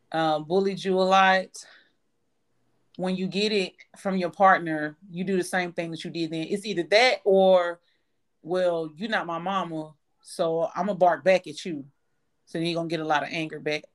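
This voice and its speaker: A woman in her thirties co-hosting a casual chat, blunt and profane, giving advice. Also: on the low side. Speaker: podcast co-host.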